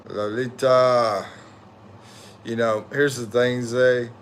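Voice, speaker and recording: A mid-range voice with flat delivery takes things slowly against slight background noise. The speaker, a weary middle-aged American livestream host, reads viewer comments in loose, slangy chat, rambling and frequently self-correcting.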